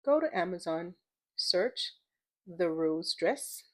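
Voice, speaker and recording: A woman's voice: fairly low pitch, expressive, slow, a little mellow. Young woman, solo podcast host; casual, emotional, playful, lots of repeated words.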